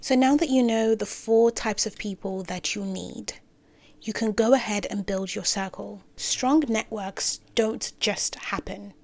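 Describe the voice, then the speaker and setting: A woman talking casually to camera with career advice, full of playful asides and self-corrections, sometimes dropping into soft near-whispers. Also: mid-range voice, measured pace, vocal fry. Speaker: creator giving career advice.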